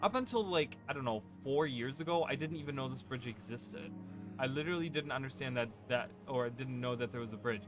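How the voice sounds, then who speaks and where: A man of middle pitch chats through a game playthrough in a loose, rambling way, peppering his talk with fillers and quick "right?" asides. He speaks into a desk microphone, and game music runs clearly underneath the whole time. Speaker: gaming channel host. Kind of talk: casual let's-play commentary.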